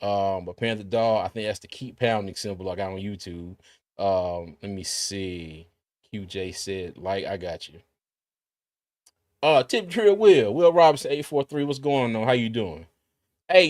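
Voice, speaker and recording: A man's voice: on the low side, a little mellow, no echo, clean studio sound. A man hosting a casual livestream, chatting and reading viewer comments aloud with frequent restarts. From Carolinas, US. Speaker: livestream host.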